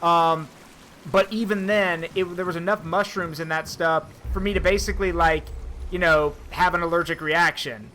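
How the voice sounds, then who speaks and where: Man, streamer, casual game chat, animated storyteller, bright voice, faint background noise. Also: fairly high pitch, moderate pace. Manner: animated storytelling with swearing and asides. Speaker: streamer and host.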